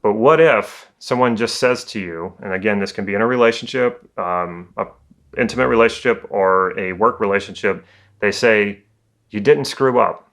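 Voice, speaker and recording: A man working as a communication coach, giving a calm, conversational educational talk. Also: lowish voice, moderate pace.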